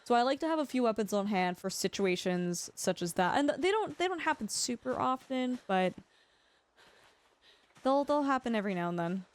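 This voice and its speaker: Woman, young adult, game streamer, chatty, greets chat, slightly high voice. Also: animated, normal speed. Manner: chatty, greets chat viewers by name mid-play. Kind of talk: live game streaming commentary.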